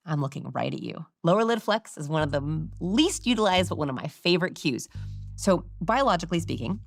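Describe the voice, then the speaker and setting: A woman guest who researches body language, explaining her findings in a conversational interview in a lively, confident teaching manner with demonstrations. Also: fairly low pitch, no echo, studio quality.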